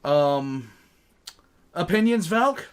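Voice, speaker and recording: A man's voice: fairly high pitch, animated, drawn-out words, smooth. A man hosting a reaction stream, chatting casually and mocking himself with lots of filler words. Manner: rambling, self-mocking, many ums. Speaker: reaction channel host. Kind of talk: casual chat. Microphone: streaming mic.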